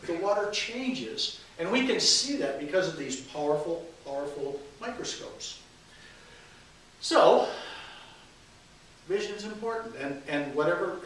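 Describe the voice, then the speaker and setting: A man giving an informal sermon with jokes, rambling with many fillers and restarts, recorded from a distance in an echoey hall with faint hiss. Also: a little high. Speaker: minister giving a talk. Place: church meeting hall.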